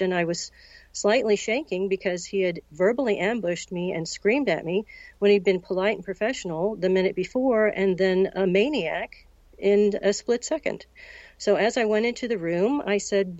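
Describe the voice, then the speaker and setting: Woman, 60s, from the United States, measured storyteller, quoted dialogue, dull lo-fi recording. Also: medium pitch, a little mellow, no room sound. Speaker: interview guest. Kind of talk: recounting a personal story.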